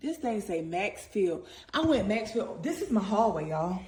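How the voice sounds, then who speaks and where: A woman, out of breath, giving an excitable, animated product review that keeps calling out to viewers. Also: mid-range voice, normal speed.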